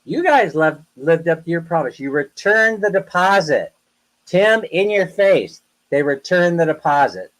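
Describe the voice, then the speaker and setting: A man with a slightly high voice chatting casually on a live stream. He rambles through stories with animated energy and talks straight to his viewers. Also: unhurried, rough recording. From United States. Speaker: livestream host.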